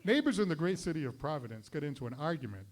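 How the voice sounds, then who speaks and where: In a noisy live recording, the host of a variety show fires off a rapid stand-up monologue, then apologizes for his own jokes. His voice is a little high and swings widely in pitch.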